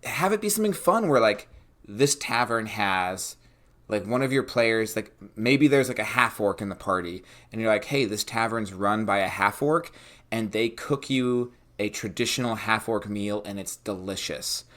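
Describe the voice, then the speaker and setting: Animated low-voiced man on a podcast. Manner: animated, acts out scenes in quick asides. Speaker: podcast co-host. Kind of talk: casual chat about tabletop games.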